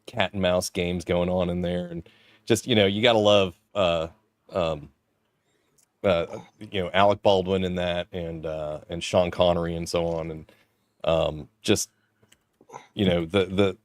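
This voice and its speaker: Lower-voiced man, hesitant chat. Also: fairly even intonation, a little slow, dry recording, clean studio sound. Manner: hesitant, many fillers like "you know" and "um". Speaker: podcast co-host. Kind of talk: casual chat about films.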